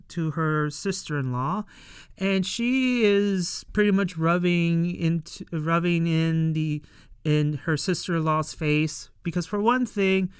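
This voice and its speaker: A casual reviewer talking through a TV episode at a slow, easy pace. The voice is very smooth and clean, recorded dry and close with no room sound. The talk rambles through fillers and slips into quick impressions of the characters. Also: mid-range voice, no echo. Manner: rambling, many fillers, acts out characters' lines.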